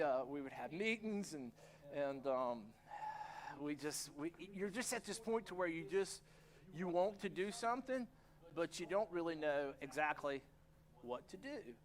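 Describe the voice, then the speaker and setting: A middle-aged pastor preaches in a church, his voice sitting high for a man. He tells stories with lively energy and acts out his own reactions. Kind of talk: sermon. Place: church sanctuary.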